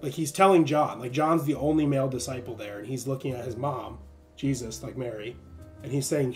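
A man hosting a livestream, chatting casually and laughing often while retelling stories with animated voices. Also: medium pitch, a little fast, faint music behind. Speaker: livestream host. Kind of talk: casual chat.

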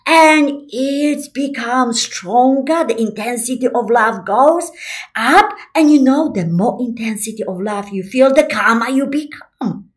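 A woman hosting a casual motivational self-help talk, repeating her points and swinging between soft, near-whispered lines and excited bursts. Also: high voice, measured pace. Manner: lively, repetitive, swoops between soft and excited. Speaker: self-help video host.

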